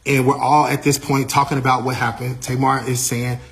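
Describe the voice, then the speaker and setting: A man, an artist's manager, recounting a backstage incident in a lively, casual way, repeating himself and using slang. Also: medium pitch, normal speed. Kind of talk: animated storytelling.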